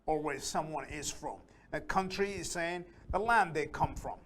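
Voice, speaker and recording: A man teaching a beginner English lesson, speaking slowly and carefully and repeating words so learners can hear the pronunciation. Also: on the high side, a bit bright.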